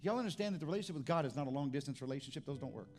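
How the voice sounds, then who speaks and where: A man's voice: fairly high pitch, expressive, rapid-fire, darkish tone, faint music behind. A middle-aged pastor preaching a sermon in a conversational way, often restarting his sentences.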